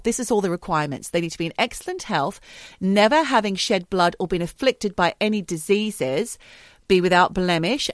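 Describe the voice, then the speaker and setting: A woman talks with a wry, deadpan calm as she reads facts to a friend and drops the odd swear word. Her pitch sits in a middle range and her voice is close to the mic in a dry, dead-sounding room. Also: no room sound. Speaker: podcast co-host. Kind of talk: casual chat, reading out facts.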